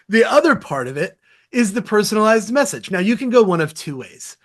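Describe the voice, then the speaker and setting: A lively man speaking as a guest in a casual interview, his voice sitting a little higher than most men's. He tells stories with animated energy and talks in a candid, slangy way. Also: a little fast. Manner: energetic, animated storytelling with laughs. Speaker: sales podcast host as guest.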